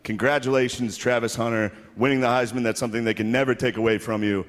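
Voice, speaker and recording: A man's voice: medium pitch, steady tone, fast, hardly any pauses. A male comedian telling a rambling story in stand-up at an awards show, laughing between lines. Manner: rambling anecdotal delivery with laughs. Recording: echoey hall with faint noise.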